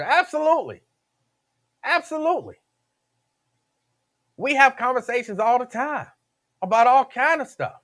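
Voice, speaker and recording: A man's voice: very high voice, big pitch swings, moderate pace, long pauses, a bit bright. A man hosting a radio talk show, chatting casually with listeners, laughing often and repeating himself.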